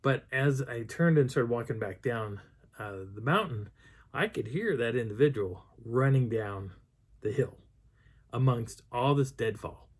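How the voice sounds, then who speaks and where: Husky and medium-pitched, this man's voice moves a little slowly. As a Bigfoot researcher from Colorado's high country, he casually recounts a mountain hike in a wandering way, with many restarts and impressions of the people he met.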